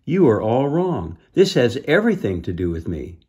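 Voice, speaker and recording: A man voicing a frightened young boy with secret magic powers, speaking high, loud and pleading. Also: big pitch swings, moderate pace, lightly acted. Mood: distraught.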